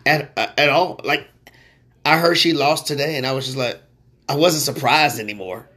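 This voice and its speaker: A man hosts a casual sports talk show in a loose, slangy style. His voice sits at a medium pitch. He often jumps higher and louder when something fires him up. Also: moderate pace, breathy edge. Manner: animated, slangy, excitable when ranting. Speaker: sports podcast host.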